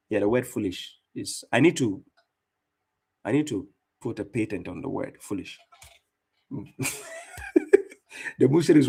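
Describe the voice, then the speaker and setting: A man's voice: mid-range voice, husky. A man giving fierce, mocking religious commentary as an Islamic debater and streamer, speaking with heavy emphasis.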